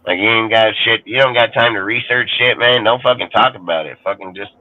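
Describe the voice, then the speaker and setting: A man's voice: fairly low pitch, brisk. A man ranting on a sports podcast panel, swearing constantly and rambling heatedly in casual talk. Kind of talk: profane casual rant. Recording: tinny phone-like line.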